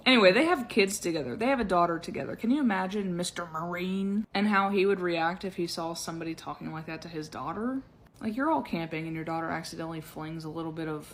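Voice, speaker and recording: A woman's voice: lowish voice, moderate pace, slight background noise. A woman who served as a Marine giving blunt, joking reaction commentary.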